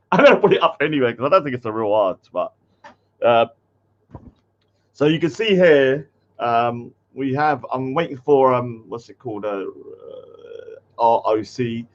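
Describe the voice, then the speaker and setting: A man's voice: medium pitch, animated, takes it slowly, pauses often, lo-fi sound. Rambling man hosting a livestream. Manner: rambling, easily annoyed, lots of fillers. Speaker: host. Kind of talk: casual livestream chat.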